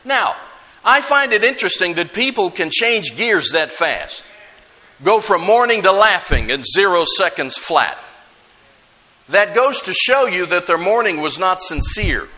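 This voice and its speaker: Brief: middle-aged male pastor, forceful and lively, casual-emphatic sermon delivery. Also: high voice, measured pace. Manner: emphatic, conversational, with humorous asides. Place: church sanctuary. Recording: echoey church hall.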